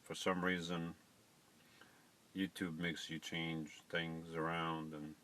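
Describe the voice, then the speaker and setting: A man's voice: low voice, level tone, slow, bright, forceful tone, slight background noise. Chatty man fumbling through a live stream. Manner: fumbling with settings, chatty asides to viewers. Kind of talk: casual live stream chat.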